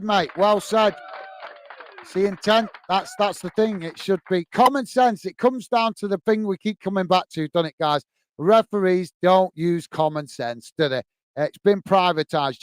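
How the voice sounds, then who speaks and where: Man, live stream host, passionate ranting, high-pitched, dry close sound. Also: smooth, dry recording. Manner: passionate, ranting, chatty, addresses viewers as mate. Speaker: host of a football watch-along stream. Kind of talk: live stream chat and match commentary.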